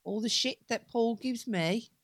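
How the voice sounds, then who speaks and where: A woman's voice: on the high side, measured pace, no echo. A woman co-hosting a podcast, tired and playfully complaining about her partner. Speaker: podcast co-host. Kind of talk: casual chat.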